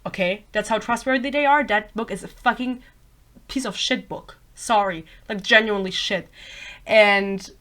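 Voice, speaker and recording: A woman's voice: mid-range voice, moderate pace, bright, forceful tone. A bilingual woman ranting about a book in a casual vlog, blunt and sarcastic, swearing freely and wandering off into tangents. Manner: rambling, self-interrupting tangents. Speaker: book reviewer.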